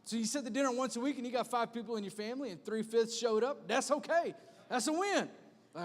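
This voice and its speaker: Brief: upbeat male pastor with a high voice, preaching in a sermon style in a reverberant church hall. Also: fast talker. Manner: energetic, comic storytelling with repeated exhortations. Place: church auditorium.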